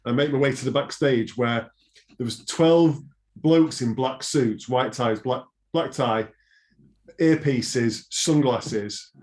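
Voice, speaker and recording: A man, guest drummer, telling relaxed backstage anecdotes. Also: medium pitch, takes it slowly. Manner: laid-back anecdotal storyteller. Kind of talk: casual chat.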